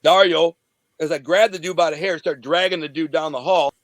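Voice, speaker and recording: A man's voice: on the high side, fairly even intonation, a little fast, dry recording. Profane storytelling man, dry close sound. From Detroit area, USA. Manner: profane street slang, acts out scenes. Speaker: interview guest. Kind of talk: casual storytelling.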